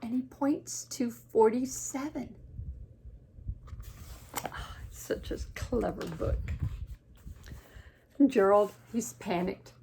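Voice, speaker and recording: A woman teacher reading a picture book aloud to children, gently pointing things out and asking them questions. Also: on the high side, slow, vocal fry, pauses often, a little hiss or hum. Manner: gentle, questions and asides to young listeners.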